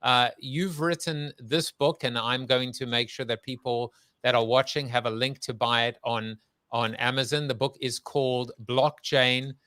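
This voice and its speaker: A man's voice: medium pitch, pushed and bright, no room sound. A man hosting an interview, telling a story loosely with plenty of fillers. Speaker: podcast host. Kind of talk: conversational interview.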